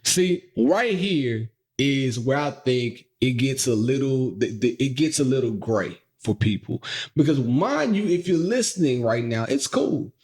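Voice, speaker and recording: Male podcast co-host, casual and joking, talks to the audience, bouncy expressive pitch. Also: unhurried. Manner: playful, animated storytelling with frequent laughs; addresses listeners directly. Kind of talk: casual chat.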